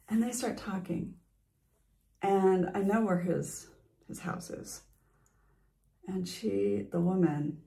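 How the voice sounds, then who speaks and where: Middle-aged woman, casual vlog, confiding, sighs and laughs, restarts sentences, slightly low voice. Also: darkish tone. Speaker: vlogger.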